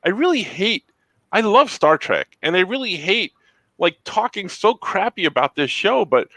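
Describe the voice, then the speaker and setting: A man's voice: high voice, sing-song, normal speed, fairly bright tone, dry recording, poor audio. A man co-hosting a podcast, frustrated, often restarting his sentences with stammers in casual chat. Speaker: podcast co-host.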